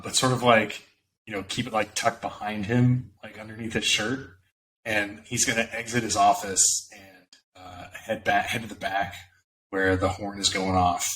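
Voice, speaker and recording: A man describing his character's actions in a tabletop game, casual and halting with fillers. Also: lowish voice, pushed and bright, recorded from a distance, a little hiss or hum, rough recording. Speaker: player.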